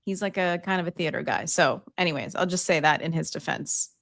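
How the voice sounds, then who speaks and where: A woman co-hosting a podcast, chiming in with quick remarks in casual chat. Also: sits low, gravelly, fairly bright tone. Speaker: podcast co-host.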